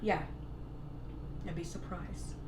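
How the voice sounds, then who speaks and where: An older woman telling a story in casual chat, animated and swearing a lot as she rants. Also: slow pace, a little hiss or hum. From Canada. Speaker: co-host. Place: home kitchen. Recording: roomy echo.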